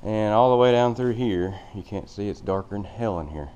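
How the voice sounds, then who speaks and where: Touring a huge empty old factory on a handheld camera, this out-of-breath vlogger rambles in plain, filler-laden talk. He has a lowish, animated voice at a moderate pace, warm and smooth, though the highs are cut off.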